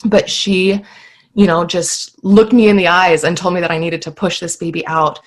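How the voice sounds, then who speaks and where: A woman in her thirties, appearing as a podcast guest, shares her birth story in an earnest, heartfelt way with many fillers. Her voice is fairly low and steady, at a moderate pace.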